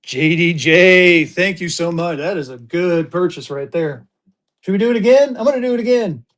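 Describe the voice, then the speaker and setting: High-voiced upbeat livestream auction seller man. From Colorado. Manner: upbeat, rapid-fire adding items, gets excited.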